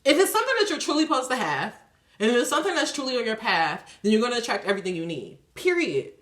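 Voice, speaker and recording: A woman giving a casual spiritual reading, animated and profane, laughing often. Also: on the high side, fast talker. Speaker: tarot reader. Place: a room at home. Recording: echoey room.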